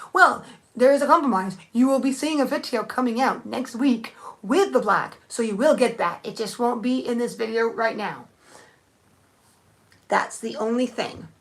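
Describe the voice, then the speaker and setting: A woman's voice: a little high, a little slow. A young woman thinking aloud in a rambling, casual live-stream chat, answering viewers with many restarts. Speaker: nail art streamer.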